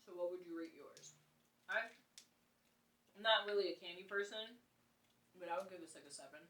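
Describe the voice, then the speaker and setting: A young woman co-hosting a casual podcast, giving laid-back, candid opinions on snacks and bursting into loud laughter. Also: fairly low pitch, normal speed, slight background noise. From Haiti. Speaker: podcast co-host. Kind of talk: casual chat, food tasting. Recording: echoey room, mic at a distance.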